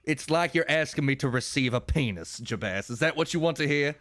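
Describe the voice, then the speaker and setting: A man in a western roleplay who complains in a deadpan way during casual in-character chat. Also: on the high side, brisk, dry recording.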